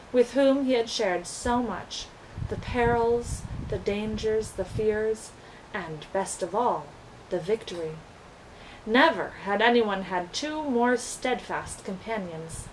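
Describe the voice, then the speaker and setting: A woman narrates a children's storybook in a gentle, expressive read-aloud. Her voice sits on the higher side, over a faint hiss of noise.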